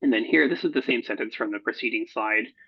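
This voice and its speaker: In a recorded workshop, a man who edits research proposals walks through his slides, stumbling frequently with fillers and self-corrections. His mid-range voice is creaky with a breathy edge, and the recording is dull and lo-fi.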